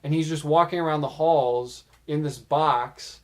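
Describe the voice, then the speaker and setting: A young man hosting a casual cartoon commentary video. His voice sits a bit high, and he rambles with easy, filler-heavy chat. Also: unhurried. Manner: chatty, filler-heavy, relaxed. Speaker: video host.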